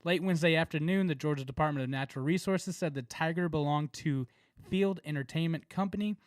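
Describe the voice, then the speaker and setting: A man's voice: a little high, fairly quick, no echo. Man, Southern accent, podcast co-host, casual rambling chat, laughs often, dry recording. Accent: Southern American. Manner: laughing, rambling, filler-heavy.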